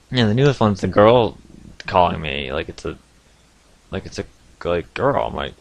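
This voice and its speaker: A young man telling stories to camera from his home basement in a casual, animated way, with sudden loud outbursts and frequent laughs. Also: fairly low pitch, normal speed, pauses often, no echo. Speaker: vlogger.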